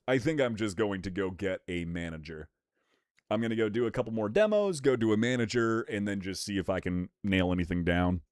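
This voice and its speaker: Lively, low-voiced young man streaming. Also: no room sound, clean studio sound. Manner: casual, profane, laughs often, reads chat aloud. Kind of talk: livestream chat reaction.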